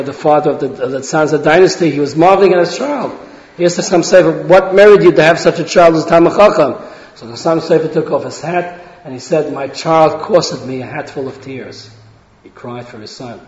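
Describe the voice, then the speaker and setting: A man's voice: a little high, a little mellow. A man giving an earnest talk on parenting to an audience, often restarting phrases and acting out quoted speech. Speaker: religious lecturer. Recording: roomy hall, dull lo-fi sound.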